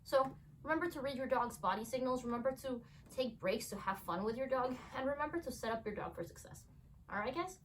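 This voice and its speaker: A woman's voice: sits high, animated, fairly quick. A young woman dog trainer explaining to camera during a training demonstration at home, breaking off to praise her dogs cheerfully. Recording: distant camera mic, faint room noise.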